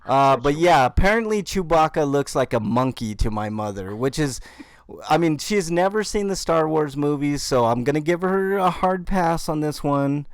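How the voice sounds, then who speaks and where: Animated podcast host, dry close mic. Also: male voice, on the high side, moderate pace, clean tone, no echo. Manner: animated storytelling, mock outrage. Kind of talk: casual chat.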